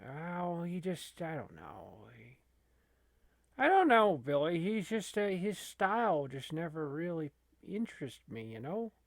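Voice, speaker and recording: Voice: mid-range voice, big pitch swings, measured pace, no echo, studio quality. Someone doing a folksy fake-Minnesotan gamer. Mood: musing. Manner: folksy, rambling, lots of uh fillers. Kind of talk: comedy gaming sketch.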